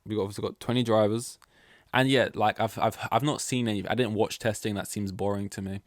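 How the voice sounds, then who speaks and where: Young male podcast host, casual solo chat, slightly low voice, dry close sound, rambling delivery with lots of fillers. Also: fairly even intonation, a little fast, no room sound. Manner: rambling, chatty, many fillers and restarts.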